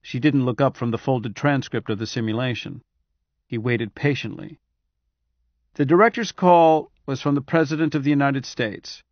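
A man reading a science fiction novel aloud in steady, measured scripted narration. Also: medium pitch, dry recording, dull audio. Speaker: audiobook narrator.

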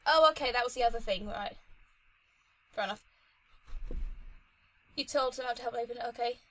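A young woman commentating her own playthrough of a story game, chatty and excitable, talking to herself and the screen. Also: fairly high pitch, a little fast, poor audio. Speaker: let's play host. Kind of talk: gaming commentary.

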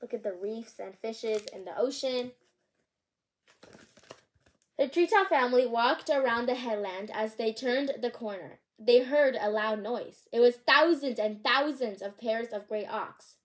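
A woman's voice: a little high, a little slow. A woman reading picture books aloud as a channel host, chatty and bubbly, with asides between lines and the odd stumble over names.

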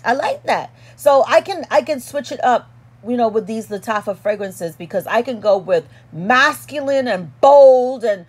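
Brief: woman vlogger, a bit high-voiced, sassy and playful, dramatic emphasis in a casual product review. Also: expressive, unhurried, breathy edge. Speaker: perfume reviewer.

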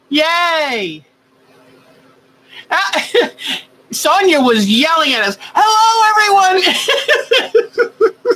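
A woman's voice: on the high side, pushed and bright, rough recording. A woman hosting a quilting live stream, chatting casually and greeting viewers by name with rambling asides.

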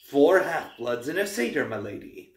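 A man's voice: mid-range voice, big pitch swings, normal speed, close to an everyday voice. A man voicing a proud teenage girl archer, giving curt, formal orders. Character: proud older teen girl archer, cold. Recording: roomy, distant mic.

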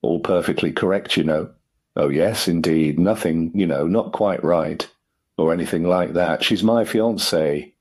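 A bumbling, sheepish young gentleman, read by a man in a low, slightly husky voice. He hedges and fumbles his words in a light storybook manner. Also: measured pace. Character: cheerful, sheepish young aristocrat son. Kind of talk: audiobook character reading.

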